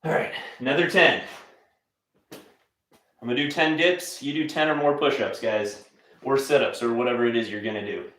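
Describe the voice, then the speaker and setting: A man's voice: medium pitch, moderate pace, pauses often, fairly bright tone. A young man hosting a live stream, chatting casually between workout sets and teasing his viewers in a laid-back, motivational way. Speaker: livestream host.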